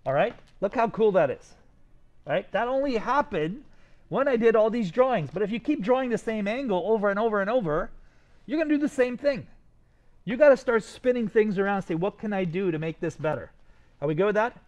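A man's voice: high voice, lively intonation, brisk, darkish tone, lo-fi sound. A man teaching a design class and reviewing student sketches, enthusiastic and always checking in with his students. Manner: enthusiastic, talks to students directly with many "right?" checks.

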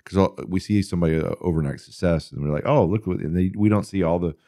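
A middle-aged man hosting a podcast, telling stories in a rambling, animated way with many fillers. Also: low voice, fast, no echo, clean studio sound. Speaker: podcast host answering listener questions. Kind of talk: casual interview talk.

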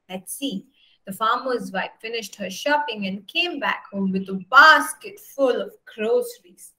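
A woman teacher from India reads a story for her pupils, high and bright. She goes slow and steady and keeps checking in with a "right?". Her delivery is animated. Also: low-quality recording. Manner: animated, asks "right?" again and again. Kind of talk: storytelling English lesson.

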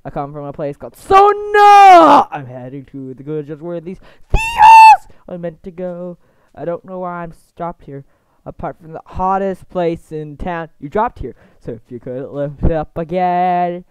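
A woman's voice: low-pitched, normal speed, dark tone, clear, resonant tone, no room sound, pitched below the performer's own voice, lightly acted. A woman voicing a cheeky young male tank engine in a singsong, playful way. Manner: singsong, wandering into odd accents.

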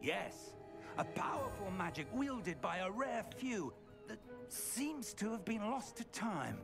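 An actor playing a calm, earnest older male professor mentor in a video game, speaking in a measured and courteous way. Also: high voice, gravelly, heavily acted. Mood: solemn. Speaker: game character. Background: game music.

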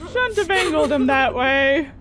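Slow, high-voiced sentimental gamer woman. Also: animated, fairly bright tone, faint music behind. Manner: sentimental, reads game prompts aloud. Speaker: gaming YouTuber. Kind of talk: let's-play commentary.

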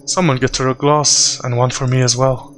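A man voicing a composed, menacing female yakuza boss with a put-on Russian accent, speaking slowly and deliberately. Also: mid-range voice, little pitch movement, fairly bright tone, faint music behind, lightly acted. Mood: cool menace.

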